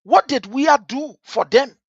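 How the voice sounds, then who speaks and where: A woman's voice: sits high, lively intonation, unhurried, dry recording, highs cut off. A woman hosting a political talk show, speaking in an emphatic, repetitive, sermon-like way. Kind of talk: political commentary monologue.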